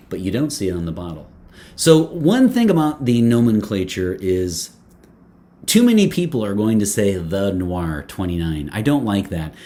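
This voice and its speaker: A man talks to his camera in a loose, joking way as he reviews a fragrance. His voice sits a little low, and he fills his sentences with fillers, restarts and playful asides. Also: dark tone. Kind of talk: casual talk to camera.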